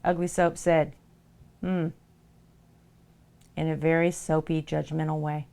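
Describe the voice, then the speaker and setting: A woman's voice: deep voice, level tone, normal speed, creaky, dark tone. A woman who makes soap, telling a playful story during a casual livestream. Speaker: soap maker streaming live.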